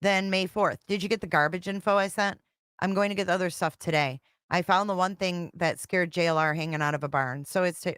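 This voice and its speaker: Woman streamer, low voice, close and dry, rambling and profane. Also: fairly bright tone, clear, resonant tone, no echo. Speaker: true-crime commentary host. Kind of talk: casual livestream commentary reading texts aloud.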